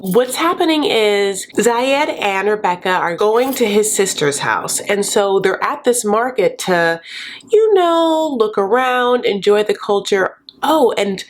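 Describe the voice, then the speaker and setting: A woman hosting a casual TV recap, gossipy and sassy with quick joking asides. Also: mid-range voice, expressive. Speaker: recap host.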